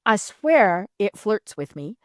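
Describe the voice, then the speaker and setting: A middle-aged woman hosting a casual interview, chatty and animated, laughing often and filling pauses with "you know". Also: mid-range voice, no room sound, clean studio sound.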